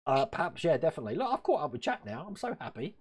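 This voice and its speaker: A man's voice: fairly high pitch, big pitch swings, rapid-fire, husky. A man from Wales hosting a casual live stream from his hobby room, rambling, chuckling often and answering chat.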